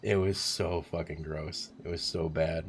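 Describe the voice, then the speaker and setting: A man's voice: rumbling low, fairly even intonation, measured pace, a little hiss or hum. A man in his forties telling a rambling, profane story on a live stream, chuckling as he goes. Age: 40s.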